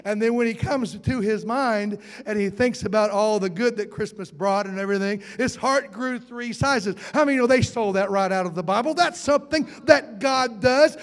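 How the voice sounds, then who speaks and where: A man's voice: high voice, normal speed, hardly any pauses. A man preaching a sermon, folksy and playful, often asking the congregation questions. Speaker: pastor. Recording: hall reverb.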